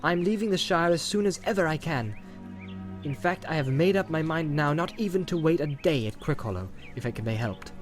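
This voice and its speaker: A man's voice: on the high side, lively intonation, fairly quick, soft background music, pitched above the performer's own voice, lightly acted. A man voicing an earnest, troubled young hobbit. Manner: earnest, clipped and sharp when pestered.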